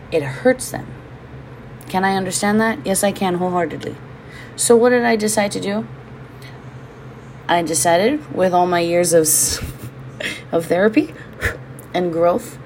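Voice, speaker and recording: A woman from Hawaii hosts a podcast from her home. Her voice sits a little low. She talks candidly, swears without hesitation and wanders off into rambling side rants, with a faint hiss of noise underneath. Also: darkish tone. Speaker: podcast host. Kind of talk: casual solo podcast monologue.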